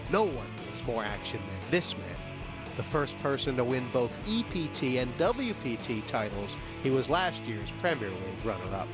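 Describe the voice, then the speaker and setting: A man's voice: mid-range voice, normal speed, music in the background. A man calling poker hands as the main TV commentator, narrating the action and asking his co-host questions. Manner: lively, narrates the action and asks the analyst questions. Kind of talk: play-by-play TV commentary.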